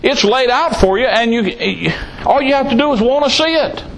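A man's voice: extremely high pitch, moderate pace, gravelly, fairly bright tone, slight background noise, low-quality recording. A man preaching a sermon in a blunt, folksy way, teasing his listeners and firing off rhetorical questions.

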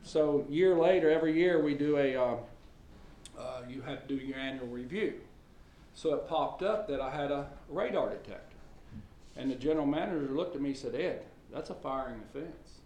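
A man's voice: fairly high pitch, moderate pace, a little mellow, slight background noise. A middle-aged man preaching a sermon in a folksy storytelling way, with lots of fillers and restarts, in a church hall. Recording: echoey church hall with faint ambience.

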